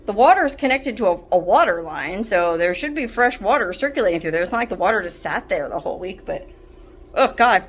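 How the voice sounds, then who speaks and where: A woman's voice: medium pitch, slight background noise. A young adult woman vlogging casually, distressed and apologetic, with nervous laughs. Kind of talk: casual vlog talk to camera. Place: hot house and shaded yard.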